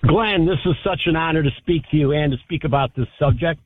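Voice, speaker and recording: A man's voice: on the high side, fast talker, husky, dry recording. A man calling in to a radio show, speaking heartfelt and grateful about his children. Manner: warm, grateful, heartfelt father. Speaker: caller. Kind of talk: call-in radio talk. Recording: tinny phone line.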